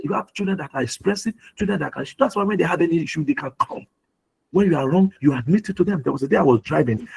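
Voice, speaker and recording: A man's voice: fairly high pitch, vocal fry, warm tone, slightly rough, rough recording. A middle-aged man from Nigeria giving an earnest talk on parenting at a webinar, often repeating his key phrases for emphasis. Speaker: webinar speaker.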